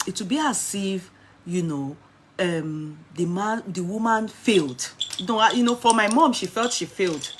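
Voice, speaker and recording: A Nigerian woman in her forties recounts a story from her own life with lively energy. She drifts into Pidgin and acts out the voices of the people in it. Her voice sits at an ordinary middle pitch, with a faint hiss in the background. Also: normal speed. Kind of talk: personal storytelling.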